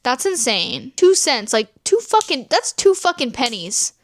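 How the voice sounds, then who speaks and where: A woman's voice: high voice, sing-song, measured pace, no echo, studio quality. A woman vlogger reading viewer dating stories aloud and reacting, swearing freely and laughing often. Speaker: storytime vlogger.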